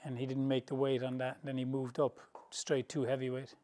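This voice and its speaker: Speaking fairly quickly at a medium pitch, an English boxing trainer gives storytelling answers in an interview. His phrasing is loose, colloquial, and rambling, and he's animated, often laughing mid-anecdote.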